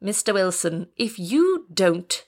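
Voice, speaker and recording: A woman's voice: medium pitch, very animated, takes it slowly, darkish tone, exaggerated voice. A woman reading the lines of a firm male airline pilot who speaks in a commanding, then soothing way. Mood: stern. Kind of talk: audiobook reading.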